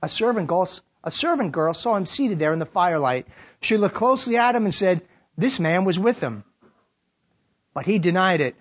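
A man preaching a sermon, animated, acting out quoted lines and dropping to a hushed tone to reflect. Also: on the high side, brisk. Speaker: pastor. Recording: dull lo-fi sermon recording.

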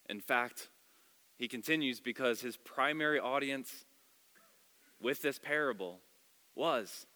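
Male pastor, sermon, expressive storytelling, bright forceful tone, long church hall reverb. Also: mid-range voice. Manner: expressive storytelling, shifting loud and soft.

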